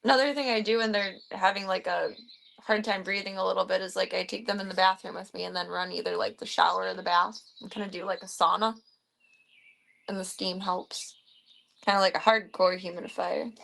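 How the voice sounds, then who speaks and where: A young woman chats away on her home live stream, talking to viewers and cooing at her pets in a sing-song voice. Her voice has a gravelly, creaky edge at a middling pitch, and faint bird chirps and fan noise sit behind her. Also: fairly even intonation, brisk, fairly bright tone. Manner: chatty, giggly, talks in a high sing-song baby voice to her cats. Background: bird sounds and fan noise.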